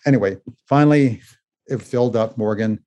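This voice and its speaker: An older man telling his personal story in an interview, with animated retelling and a habit of adding "eh?" to his phrases. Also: fairly low pitch, moderate pace. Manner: animated retelling, acting out voices in quotes; says "eh?" at ends of phrases.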